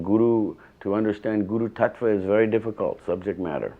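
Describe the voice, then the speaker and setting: A man's voice: on the low side, a little fast, phone-quality sound. An older man in an interview, earnestly recalling his spiritual teacher in rambling, emphatic stories. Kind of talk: reminiscing interview.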